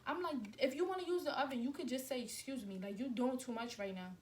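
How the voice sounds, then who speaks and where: A young woman in her twenties tells a story straight to her camera, acting out each scene as she goes. Her voice sits a little high and talks right at the viewer. A faint hiss lies under the indoor camera sound. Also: fast. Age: 20s. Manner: animated, acts out scenes, addresses viewers directly. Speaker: vlogger. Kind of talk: storytime vlog. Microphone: camera mic.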